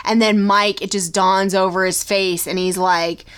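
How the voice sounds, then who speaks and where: A woman's voice: medium pitch, level tone, a little slow, a bit bright, clean tone. A woman co-hosting a podcast, chatting casually and acting out characters' lines as she retells an episode. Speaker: podcast co-host. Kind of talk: casual chat recapping a TV episode.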